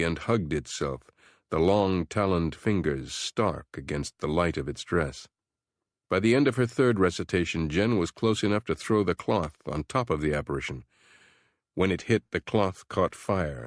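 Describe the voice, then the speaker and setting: A man narrating a horror audiobook in a measured, steady storytelling voice. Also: deep voice, no room sound, clean studio sound.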